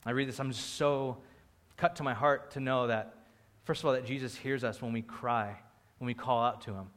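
A young man preaching a sermon in an animated way, acting out the crowd's voices and raising his voice for emphasis. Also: medium pitch, normal speed. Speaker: pastor.

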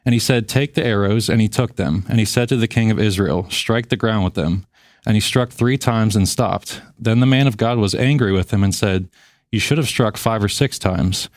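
A man in a Bible study discussion, retelling a scripture passage and reading verses aloud in a measured way. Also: on the low side, no room sound, clean studio sound.

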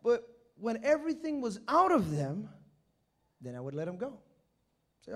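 High voiced pastor guy in church, super animated, yelling bits of his stories. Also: normal speed, pauses often. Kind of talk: sermon with storytelling.

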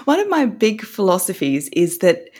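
Woman explaining voice training, slightly breathy, very expressive intonation. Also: medium pitch, moderate pace. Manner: upbeat, instructive, demonstrates vocal techniques. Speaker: voice coach. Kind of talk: guest explaining in an interview.

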